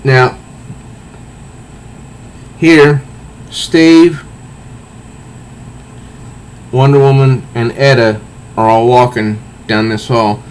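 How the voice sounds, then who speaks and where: A man casually reviewing a comic book and reading its panels aloud, halting often and restarting his sentences. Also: mid-range voice, little pitch movement. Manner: halting, with frequent restarts and fillers.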